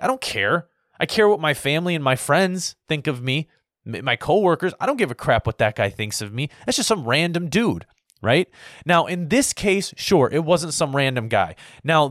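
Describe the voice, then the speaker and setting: A man's voice: on the high side, no room sound, studio quality. A man in his early thirties ranting in a casual, heated way, swearing often and rambling with lots of fillers. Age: 30s. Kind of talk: casual opinion rant to camera.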